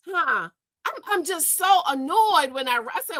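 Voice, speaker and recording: A woman's voice: very high voice, animated, unhurried, a bit bright, no echo. A woman hosting a gossip commentary show, exasperated and scolding, stammering and repeating herself as she rants. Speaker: host.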